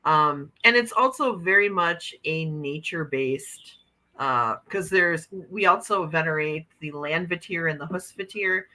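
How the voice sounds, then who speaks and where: Midwestern woman guest, low-ish bright voice, chatty, video call chat. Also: unhurried. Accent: Upper Midwest American. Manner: chatty, laughs often, frequent restarts. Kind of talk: casual chat.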